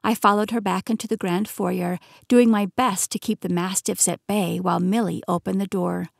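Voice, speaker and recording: Lively woman narrating an audiobook. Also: medium pitch, normal speed, gravelly, no room sound, clean studio sound. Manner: lively first-person storytelling, youthful voice for the heroine. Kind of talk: scripted narration. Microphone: close studio mic.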